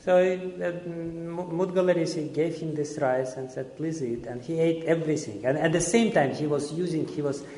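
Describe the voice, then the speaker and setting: A man's voice: a little high, fairly even intonation, normal speed, few pauses, dark tone. A man teaching a seminar, telling a story in a conversational, often chuckling way. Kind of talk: storytelling lecture. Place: lecture hall. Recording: echoey hall.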